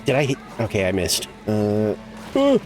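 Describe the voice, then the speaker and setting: A man with a lowish voice and wildly swooping pitch streams a game over music, speaking at a moderate pace. His casual gaming chat rambles along with plenty of "like" and casual cursing.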